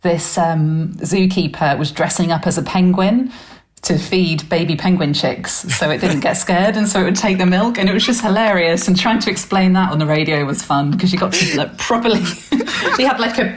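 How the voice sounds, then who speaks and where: A woman's voice: on the low side, moderate pace, slight background noise. A woman, a radio news presenter chatting as a guest on a podcast and laughing often. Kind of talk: casual podcast chat.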